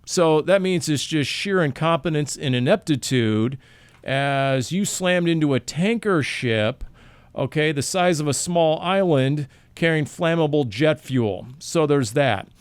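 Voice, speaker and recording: A man hosting a casual sports podcast, running through a segment with wry, deadpan delivery. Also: on the high side, unhurried, smooth, no echo. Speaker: podcast host.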